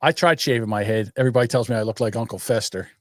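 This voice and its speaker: An older man co-hosting a podcast, teasing and animated in crude banter. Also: mid-range voice, racing, no echo, studio quality. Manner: animated, teasing, does mocking voices. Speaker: podcast co-host. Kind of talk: crude casual political banter.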